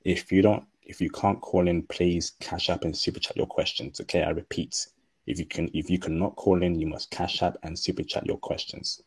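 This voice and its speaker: A man hosting a livestream, speaking slowly and deliberately with a non-native English accent. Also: deep voice, little pitch movement, husky. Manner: slow, deliberate speech. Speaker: livestream host. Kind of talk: casual livestream talk.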